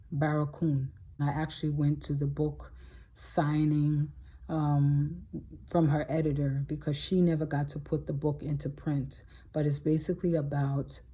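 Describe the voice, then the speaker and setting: A woman speaks slowly in a deep, very dark voice, near tears with emotion. She leans on repetition for emphasis as she tells a story on her own channel. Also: slightly rough. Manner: emphatic, repeats words for weight. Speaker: channel host. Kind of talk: reflective storytelling monologue.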